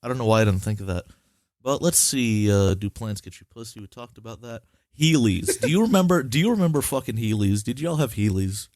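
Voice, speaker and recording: A young man hosting a podcast, talking in a blunt, teasing way and swearing a lot. His voice has an ordinary, middle pitch for a man. The sound is dry and close, with no room around it. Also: expressive, a little fast, darkish tone, no echo. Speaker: podcast host. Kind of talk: casual chat.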